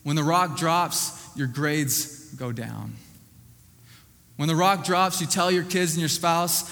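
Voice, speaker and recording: A man preaching a sermon, emphatic and repetitive, often dropping to a hushed voice at the ends of lines. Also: a little high, takes it slowly, gravelly, in a large hall.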